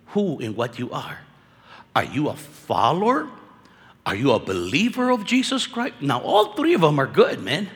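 Man, conference preacher, lively and slangy, somewhat high voice, long hall echo. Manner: animated, conversational preaching with slang. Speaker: conference speaker. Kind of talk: sermon. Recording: echoey hall reverb.

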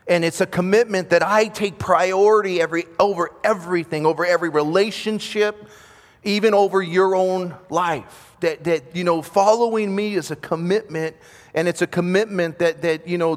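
A man's voice: sits high, moderate pace, big-room sound. A man preaching a sermon at a conference, reading scripture and talking in a conversational way, often repeating words and restarting his sentences. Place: conference hall.

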